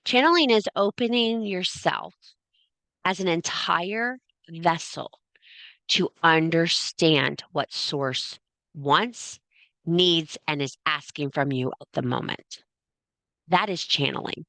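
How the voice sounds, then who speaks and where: A woman's voice: fairly low pitch, slow, fairly bright tone, no room sound. A woman leading a spiritual class in a casual, blunt way, swearing freely and repeating phrases for emphasis. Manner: casual, blunt and frequently profane.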